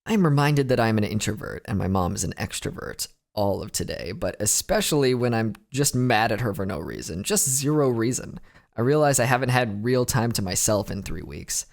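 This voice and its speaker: A man's voice: on the low side, expressive, fairly quick, gravelly. A young adult man narrating a casual recovery diary vlog, candid and rambling, often breaking off with small laughs. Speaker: vlogger.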